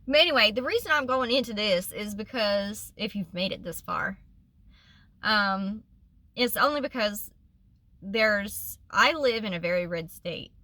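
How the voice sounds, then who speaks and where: A woman talks straight to her viewers in a candid vlog. Her voice is bright and tense, and she rambles earnestly, full of ums and restarts. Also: medium pitch, expressive, unhurried, no room sound. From Oklahoma. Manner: rambling, earnest, with frequent fillers. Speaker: vlogger.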